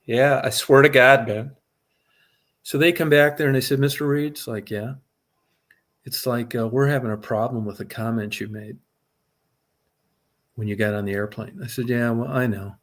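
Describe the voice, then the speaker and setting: A middle-aged man spins a long personal yarn in loose, casual talk, cursing freely and building energy as he goes. His voice sits at an ordinary middle pitch for a man. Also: moderate pace, long pauses. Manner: profane, animated storyteller. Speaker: guest telling a story. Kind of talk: casual storytelling.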